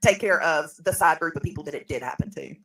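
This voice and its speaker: A woman giving a careful statement in a measured, hesitant way with frequent ums. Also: low voice, a bit bright, far from the mic, poor audio. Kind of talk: reading a prepared statement.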